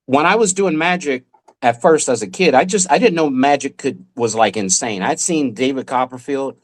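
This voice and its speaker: Guy in his 40s telling magic stories on a podcast, really animated, mid-pitched voice. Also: normal speed. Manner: animated, vivid anecdote telling. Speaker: guest magician and former child actor. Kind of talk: casual podcast storytelling.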